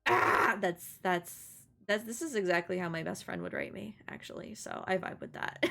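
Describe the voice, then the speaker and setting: A woman's voice: medium pitch, lively intonation, measured pace, gravelly, a bit bright, a little hiss or hum. A young woman giving casual, giggly let's-play commentary as she plays a video game. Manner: chatty, giggly, playful. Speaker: gaming streamer.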